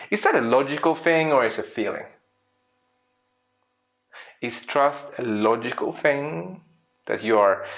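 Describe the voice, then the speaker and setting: A man, a speaker and coach, giving a storytelling presentation, asking the audience questions and acting out little scenes. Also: medium pitch. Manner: lively, acts out little scenes in quoted voices.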